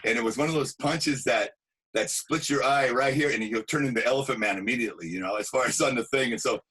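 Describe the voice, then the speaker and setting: A man, an actor and stuntman, telling animated anecdotes in a casual interview, acting out quotes. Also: medium pitch, quick pace, breathy edge, rough recording.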